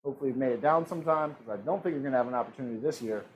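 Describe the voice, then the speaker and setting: A man of medium pitch hosts a live-streamed online trivia game at a very fast pace, the recording cutting off the highs and carrying a little hiss or hum. He reads questions jokingly, giving the multiple-choice options playful voices.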